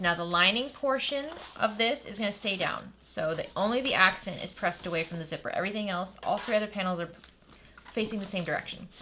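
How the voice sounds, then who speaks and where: A woman's voice: medium pitch, bright, forceful tone, a little hiss or hum. A woman giving a chatty step-by-step sewing tutorial, thinking aloud as she works. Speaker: sewing instructor.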